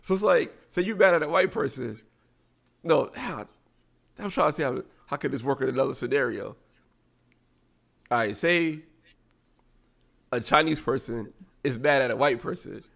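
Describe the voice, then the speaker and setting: Gravelly male podcast co-host, casual storyteller who acts out quotes. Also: mid-range voice, moderate pace, long pauses. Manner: animated storyteller acting out quotes.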